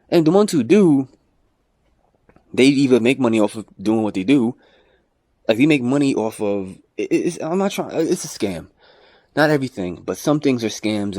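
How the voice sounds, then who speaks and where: A man's voice: on the low side, darkish tone, no echo. A man ranting in a rambling, profane vlog monologue, jumping between mocking voices and his own. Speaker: vlogger.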